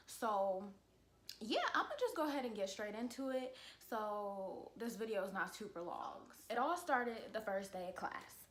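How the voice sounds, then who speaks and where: A young woman telling a casual storytime vlog at home, chatty and expressive, with loud exasperated rants. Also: on the high side, a little hiss or hum. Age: young adult. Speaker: college student vlogger. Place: at home, indoors.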